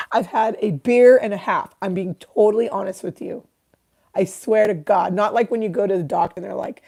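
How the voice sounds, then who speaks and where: A rambling woman in her thirties hosts a loose livestream, swearing freely and chatting back to her viewers' comments. Her voice has a dark, mellow tone at a middle pitch, and she drifts from topic to topic. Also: brisk, vocal fry. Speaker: livestream host. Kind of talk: casual livestream chat.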